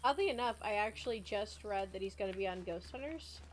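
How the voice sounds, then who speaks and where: A woman's voice: medium pitch, expressive, a little fast. A woman streamer casually chatting through a video game. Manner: chatty, wandering musings. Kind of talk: casual gameplay commentary.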